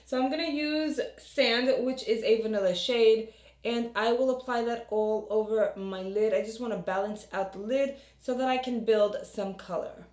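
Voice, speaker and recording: A woman beauty vlogger talks straight to the camera in a chatty, self-deprecating way, her voice still low and husky from just waking up. She sits a little high in pitch for a woman, and the room around her gives off a clear echo. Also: moderate pace, a little mellow. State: low morning voice. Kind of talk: casual makeup tutorial chat.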